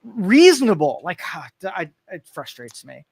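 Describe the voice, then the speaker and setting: A man co-hosting a live local talk show, with a noticeably high voice and a dry, close sound. He talks in exasperated, sarcastic rants. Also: very animated, a little slow, breathy edge, no room sound. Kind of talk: casual talk show discussion.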